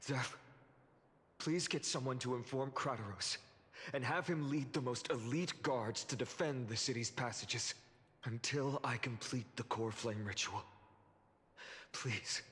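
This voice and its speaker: A man voicing an earnest, duty-bound young lord in a game cutscene, giving solemn, measured commands. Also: mid-range voice, fairly bright tone, in a large hall, natural voice.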